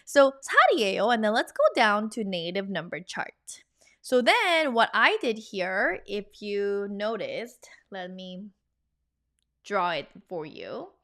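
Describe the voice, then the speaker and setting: A woman, giving an energetic, chatty video lesson and drilling phrases for the viewer to repeat. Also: mid-range voice, unhurried. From Korea. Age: 30s. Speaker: language teacher.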